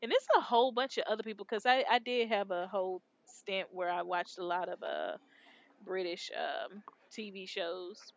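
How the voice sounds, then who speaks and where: Laid-back and slangy, a woman from Texas rambles through casual chat as a podcast co-host. Her voice is mid-range and her pace moderate, and the audio has its highs cut off.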